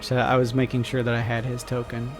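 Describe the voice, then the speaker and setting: A game master runs a tabletop game from behind the screen, speaking a little fast at an ordinary middle pitch while soft music plays quietly underneath. He describes scenes and rules in a relaxed, rambling way, full of little fillers.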